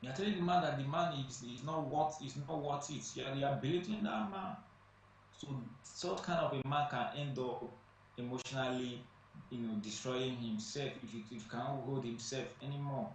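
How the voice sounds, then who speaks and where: A man's voice: mid-range voice, normal speed. A man speaking as a guest on a studio talk show, emphatic and repeating phrases for stress. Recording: echoey distant room mic, faint noise.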